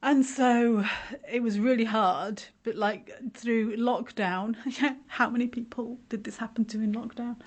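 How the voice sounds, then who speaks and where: A woman's voice: fairly high pitch, fairly even intonation, unhurried, darkish tone. Chatty English-sounding woman telling stories. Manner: chatty storyteller, laughs often, acts out quotes of others. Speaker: podcast host sharing her story. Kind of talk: casual chat.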